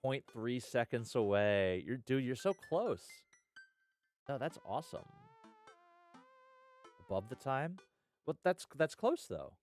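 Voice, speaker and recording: A man's voice: medium pitch, lively intonation, takes it slowly, long pauses, darkish tone, faint music behind. A man streaming live, chatting casually and rambling with viewers, dropping lots of "uh" and "hell yeah".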